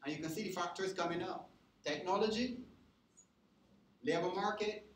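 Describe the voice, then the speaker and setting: A man's voice: high voice, normal speed, a bit bright. A male lecturer teaching a class in an interactive way, often stopping to check whether the students are following. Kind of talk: university lecture. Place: lecture hall. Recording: echoey lecture hall recording.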